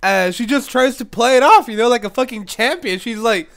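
A man's voice: very high-pitched, fairly quick, fairly bright tone, a little hiss or hum. A man with a stuffy nose and a cough from a cold, telling a rambling story in casual commentary and laughing often between words. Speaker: YouTube gaming commentator.

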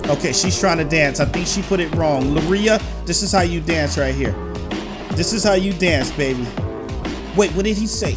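Excitable young man narrating a game over music. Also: sits high, moderate pace. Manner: excitable, jokey, shouts and sings bits. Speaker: gaming YouTuber. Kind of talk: playful gameplay commentary.

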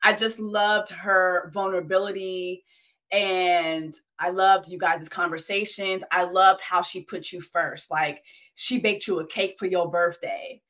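An American woman hosting an interview, chatty and lively with casual slang. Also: on the low side, a little slow. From United States. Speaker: podcast host.

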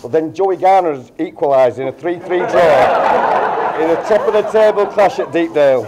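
A man's voice: fairly high pitch, moderate pace, very noisy. A middle-aged man giving a wedding toast as the groom's father, reading from notes with dry jokes. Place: wedding reception room.

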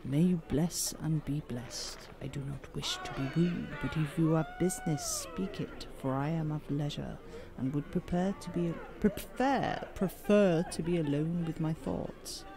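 A man voicing a solemn, formal male tribesman from a video game, in a put-on rustic accent, slow and stately. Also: on the high side, creaky, a crowd in the background, pitched below the performer's own voice. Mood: aloof. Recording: game music behind.

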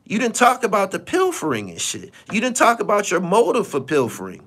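A man's voice: sits high, huge pitch swings, fairly quick, fairly bright tone, slightly rough. A man hosting a live stream, talking bluntly and profanely and repeating himself for emphasis. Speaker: podcast host. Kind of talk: casual live-stream commentary.

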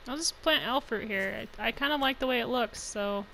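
A woman's voice: fairly high pitch, brisk, creaky, a bit bright, slight background noise, rough recording. A young woman giving chatty, rambling let's play commentary, laughing often. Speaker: gaming channel host.

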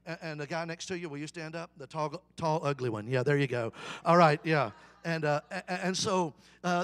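A man with a notably high voice preaching an animated sermon. He calls out to the congregation for answers and keeps the room involved. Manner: animated call-and-response preaching. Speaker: guest evangelist. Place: church service.

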